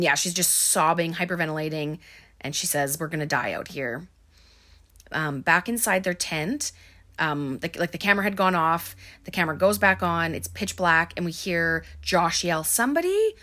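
A woman's voice: on the low side, a bit bright. A young woman casually recapping a film as a podcast host, rambling with lots of fillers.

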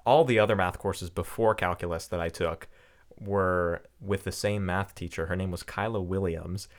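Lower-voiced man, giggly casual chat. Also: steady tone, moderate pace. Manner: laughs often and acts out quotes from old teachers.

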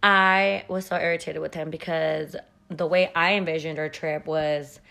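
A woman in her thirties hosts a casual podcast from home, talking in a fairly low voice. She tells her story bluntly, swearing freely and scattering "like" through every sentence. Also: steady tone, normal speed, gravelly, sharp tone. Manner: blunt, profane and chatty, with frequent "like" fillers. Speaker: podcast host.

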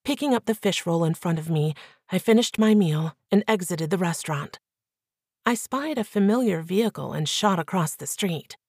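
A woman reading a first-person novel aloud as an audiobook narrator with clear, even storytelling. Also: fairly low pitch, moderate pace, no room sound, clean studio sound.

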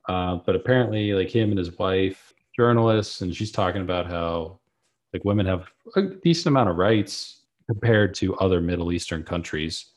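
A man with a very deep voice co-hosts a casual podcast. He recaps in a relaxed, filler-heavy way. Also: moderate pace. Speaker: podcast co-host. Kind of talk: casual chat.

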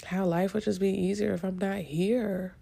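A woman hosting her own podcast pours out her frustration while close to tears. Her congested voice is dark and mellow with a steady gravelly fry. She talks in halting bursts full of swearing and restarts. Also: medium pitch. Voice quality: congested from sinus trouble. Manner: halting, profane and frustrated, with many restarts and trailing pauses. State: near tears. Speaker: podcast host. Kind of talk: emotional solo podcast venting.

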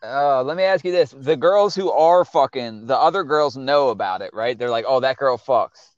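A man's voice: mid-range voice, normal speed, dry recording, highs cut off. A man hosting a casual chat, cursing freely and joking. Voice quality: crude, laughing interjections.

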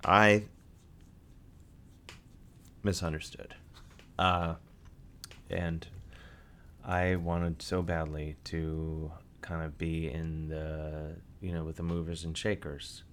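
A man telling an absurd made-up life story in a rambling, halting, deadpan way with lots of fillers. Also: rumbling low, a little hiss or hum. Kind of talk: improvised comedic storytelling.

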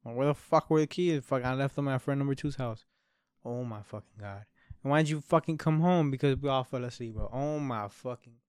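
A man's voice: mid-range voice, brisk, darkish tone, smooth, no room sound. A man in his early twenties telling a long story in rambling casual talk, swearing a lot and calling the listener bro and dude. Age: 20s. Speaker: podcast host.

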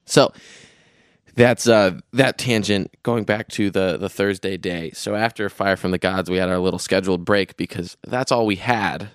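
This young man co-hosts a podcast and relates a festival trip in a loose, rambling way, full of fillers and false starts. He has a low, smooth voice at an ordinary pace, captured in clean studio sound without any echo.

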